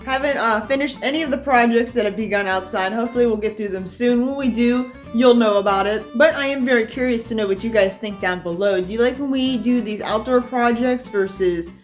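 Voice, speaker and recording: A young woman casually chatting in a home-project vlog, excitable and a little sweary, often trailing off mid-sentence. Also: a little high, brisk, few pauses, soft background music. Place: house indoors.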